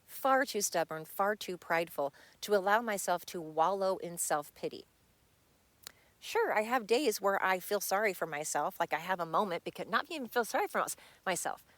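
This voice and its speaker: With a dog close by, a middle-aged woman delivers a personal podcast monologue from home in an expressive, mid-range voice at a moderate pace. There's no room sound, and she speaks bluntly and with frustration, swearing freely.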